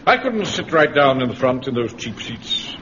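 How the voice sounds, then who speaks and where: An actor playing a pompous, prim home guard captain in a radio comedy. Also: male voice, mid-range voice, very animated, normal speed, close to an everyday voice. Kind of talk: 1960s radio comedy acting. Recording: muffled old radio recording with hiss.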